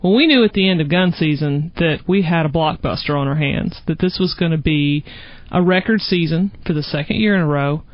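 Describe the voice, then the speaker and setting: A woman from Georgia with a Southern accent, a wildlife biologist talking lively in a radio interview. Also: low-pitched, fairly quick, no room sound. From Georgia, USA. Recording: dull dry studio sound.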